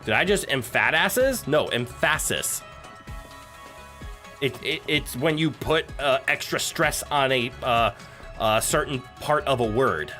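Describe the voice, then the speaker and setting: A man's voice: mid-range voice, takes it slowly, faint music behind. A man casually streaming a survival game, joking, swearing and chatting with viewers. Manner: animated and joking, swears, talks to chat and his pet.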